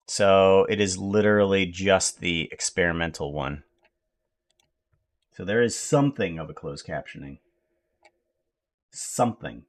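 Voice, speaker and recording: An American man streaming live, rambling to himself in casual chatter as he tries to fix his software. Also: deep voice. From United States. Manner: mutters to himself while fixing software, slow and rambling.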